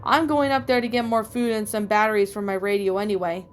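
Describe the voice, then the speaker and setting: A woman's voice: mid-range voice, steady tone, fast talker, clear, resonant tone, close to an everyday voice. A woman reading the part of a friendly, easygoing man, in a fan fiction reading.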